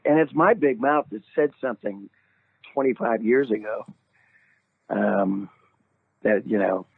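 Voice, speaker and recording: A man's voice: vocal fry, breathy edge, no echo. Older man telling stories over a tinny phone. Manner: animated, laughing, jumps into high excited tones when quoting himself. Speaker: guest singer. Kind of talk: casual phone interview storytelling. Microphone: phone call. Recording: tinny phone line, dry.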